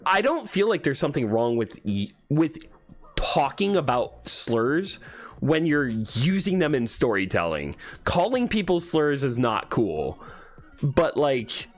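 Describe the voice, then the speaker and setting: A young adult man hosting a casual livestream, reading chat aloud and laughing often as he tells stories. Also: medium pitch. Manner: animated, laughs a lot, reads chat aloud. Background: faint background music.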